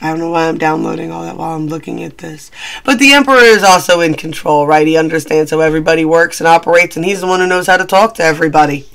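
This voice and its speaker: Chatty, high-voiced man reading tarot. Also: quick pace, gravelly, fairly bright tone, clear, resonant tone. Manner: chatty, rambling, self-deprecating. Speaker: tarot reader.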